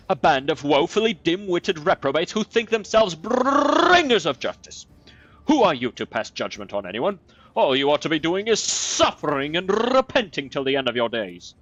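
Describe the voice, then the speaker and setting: Scornful video game priest, booming delivery, lively pitch, dry muffled game audio. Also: male voice, moderate pace, dry recording, full character voice. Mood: contemptuous. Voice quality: booming, condemning. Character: stern, scornful male priest.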